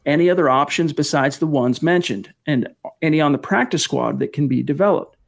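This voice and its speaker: A man hosting a casual live-stream podcast, energetic as he reads out viewer messages and thanks donors. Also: a little high, brisk, creaky. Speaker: podcast host.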